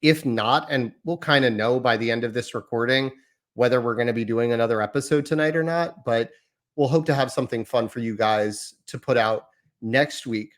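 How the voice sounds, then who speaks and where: A man's voice: medium pitch, moderate pace. A man in his thirties hosting a casual podcast, talking in a chatty, rambling, self-deprecating way. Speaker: podcast host.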